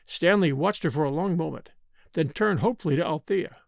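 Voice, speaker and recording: A man narrating a story as an expressive audiobook reading. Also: on the high side, brisk, gravelly, no room sound, studio quality.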